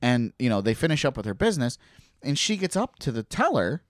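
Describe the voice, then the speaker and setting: Animated ranting man, swears freely. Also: mid-range voice, a little fast, no echo, studio quality. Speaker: podcast co-host. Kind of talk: casual chat.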